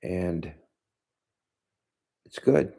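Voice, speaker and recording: A man in his seventies, a martial arts teacher, giving a slow, thoughtful monologue to camera with frequent pauses. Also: low voice, lively intonation, vocal fry, dark tone. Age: 70s. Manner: slow, thoughtful, pausing often.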